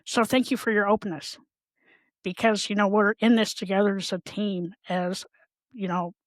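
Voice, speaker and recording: A woman's voice: mid-range voice, steady tone, normal speed, no room sound. A woman hosting a podcast interview who asks questions in a supportive, conversational way. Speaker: podcast host.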